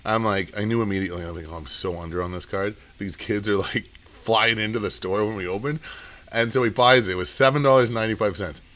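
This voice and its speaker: A man's voice: on the low side, fairly bright tone. Rambling man running a comic auction. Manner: rambling storyteller, quick asides. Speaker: comic shop owner and auctioneer. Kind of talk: casual live auction chat.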